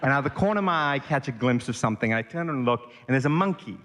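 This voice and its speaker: Middle-aged male podcast guest from Sri Lanka, animated storyteller, voice carries a long reverb tail. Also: medium pitch, rapid-fire.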